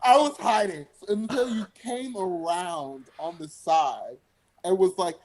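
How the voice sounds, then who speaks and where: A man's voice: high-pitched, measured pace, crowd noise. A young man, a singer guest, telling stories in a casual interview chat and laughing often.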